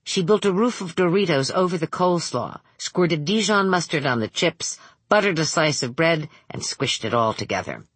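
Low and husky, a woman's voice narrates an audiobook from a script at a steady, measured pace. She's recorded up close in a fully dry setting without any echo.

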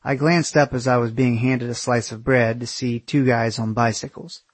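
Young guy reading his own travel book, swears a lot, jokey and sarcastic, bit husky, super dry sound. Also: mid-range voice, steady tone, moderate pace, no echo. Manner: sardonic, profane, self-mocking. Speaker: author narrating his own travel memoir. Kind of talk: audiobook narration of a memoir.

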